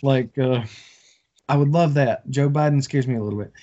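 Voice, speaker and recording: A man on a podcast, a few drinks in, rants with heavy swearing and stumbling restarts. His voice sits at an average pitch. The audio is dull and lo-fi. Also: fast talker, dark tone. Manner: profane, passionate, stumbling restarts. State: has been drinking. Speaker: podcast co-host. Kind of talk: heated casual political rant.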